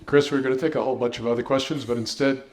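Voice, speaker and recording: A man moderating a Q&A, relaying questions in a brisk, jokey way. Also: mid-range voice, steady tone.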